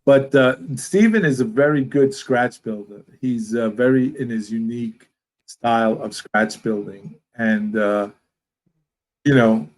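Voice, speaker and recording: A man from Brooklyn with a New York accent, a guest in a casual interview who rambles warmly and animatedly. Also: mid-range voice, measured pace, poor audio. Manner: rambling, animated, talks with his hands.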